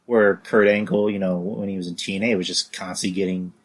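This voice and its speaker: A man hosting a podcast, talking casually in a halting way with stumbling starts and many "you know"s. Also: low-pitched, fairly even intonation. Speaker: podcast host. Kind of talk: casual conversation.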